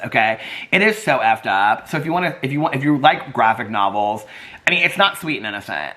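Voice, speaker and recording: A middle-aged man vlogging casually, excitable and chatty, laughing often and using lots of fillers. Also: medium pitch. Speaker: vlogger reviewing a graphic novel. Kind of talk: casual chat.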